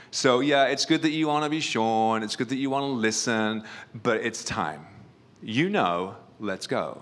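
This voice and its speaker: A man whose voice sits on the low side, with a fairly bright tone, speaks at a normal speed. He's a pastor preaching conversationally at a church retreat, recounting personal stories humorously and self-deprecatingly, with many fillers.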